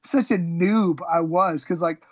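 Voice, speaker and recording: A man's voice: a little high, unhurried, no room sound, muffled recording. A middle-aged man, a former college wrestler, telling stories as a guest, rambling and self-mocking, with many fillers and restarts. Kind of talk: casual storytelling interview.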